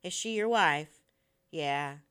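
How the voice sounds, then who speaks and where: A woman reading aloud, voicing a suspicious, threatening young man in a low, hostile tone. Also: expressive, slow pace, a bit bright, clear, resonant tone, exaggerated voice.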